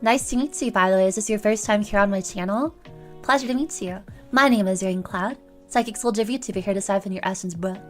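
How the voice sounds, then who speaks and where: A woman's voice: medium pitch, a little fast. A young woman streaming as a VTuber, chatting casually with her viewers in a playful, rambling way. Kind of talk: casual livestream chat with viewers. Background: faint background music.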